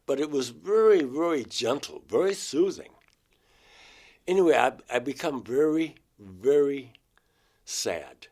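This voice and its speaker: A man's voice: mid-range voice, animated, unhurried, a little mellow. A man from Georgia in the United States, an interview guest vividly and emotionally retelling a personal experience. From Georgia, USA. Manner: emotional, vivid retelling, acts out his own words.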